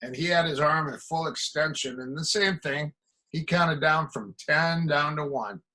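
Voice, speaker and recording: Man, middle-aged, bright, husky, casual storytelling, acts out dialogue. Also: on the high side, a little slow, poor audio. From American Midwest. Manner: animated anecdotes, acting out quoted exchanges. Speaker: guest, martial arts coach.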